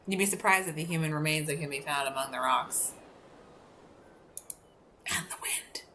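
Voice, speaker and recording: A woman voicing a gruff, suspicious old lighthouse keeper in a put-on Scottish accent, grumbling as she reads his lines. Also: low-pitched, moderate pace, pushed and bright, slight background noise. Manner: grumbling, shooing strangers off.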